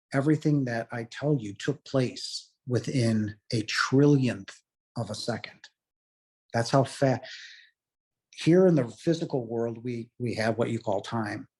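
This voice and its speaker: A man's voice: medium pitch, breathy edge. A man in his late forties, a guest telling a personal story in an earnest, heartfelt and emotional way. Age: late 40s. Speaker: guest telling his near-death experience.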